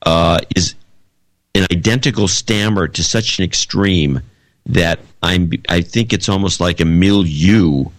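A man's voice: low-pitched, a little slow, dry recording. A man co-hosting a podcast in casual chat, rambling with frequent restarts. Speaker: podcast co-host.

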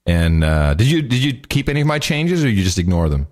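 Male podcast co-host, low but very animated pitch, playful and quick to laugh. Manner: animated, joking, laughs often. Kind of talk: casual chat.

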